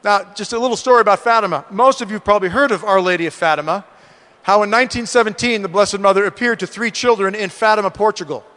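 Middle-aged male speaker, earnest sermon-style storyteller, high voice, reverberant hall. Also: fast, sharp tone. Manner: earnest storytelling, addresses the men directly. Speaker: speaker at a men's conference.

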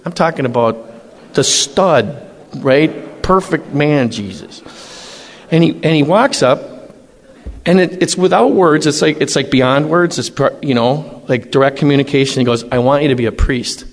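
A middle-aged man, a priest telling his own story with animated emphasis. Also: fairly high pitch, unhurried. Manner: animated, emphatic, acts out dialogue. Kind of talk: personal testimony storytelling. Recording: long hall reverb.

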